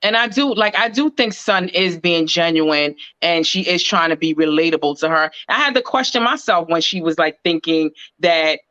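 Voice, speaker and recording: A woman co-hosting a casual reality TV recap, talking in a relaxed way with lots of filler words. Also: fairly low pitch, moderate pace, hardly any pauses, dry recording, highs cut off. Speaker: podcast co-host.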